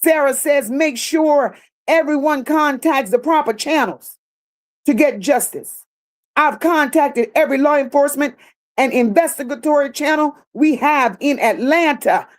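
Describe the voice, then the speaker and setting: A woman hosting a livestream reads viewer comments aloud and answers them bluntly, tossing in sassy repeated phrases. She has a high-pitched voice and a measured pace.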